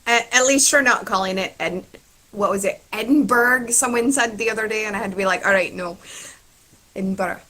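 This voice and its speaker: A woman co-hosting a casual live-streamed chat, playful and teasing with quick jokes. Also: on the high side, pushed and bright, poor audio. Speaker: co-host helping with comments.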